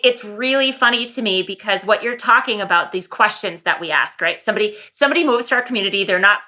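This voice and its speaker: A woman's voice: medium pitch, fast, bright, forceful tone. A woman hosting a podcast interview, chatting emphatically and laughing easily. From small-town farm background. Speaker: podcast host.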